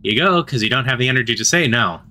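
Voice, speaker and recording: Bright-voiced man narrating a visual novel. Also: mid-range voice, quick pace. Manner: gentle, steady reading with offhand joking asides. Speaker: narrator and player. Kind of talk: reading a visual novel aloud with casual asides. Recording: faint music behind the voice.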